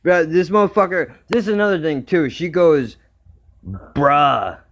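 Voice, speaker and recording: A man's voice: high-pitched, a little fast. Heated, foul-mouthed man ranting. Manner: blunt, crude, heated, swearing constantly. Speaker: podcast host. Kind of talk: profane rant.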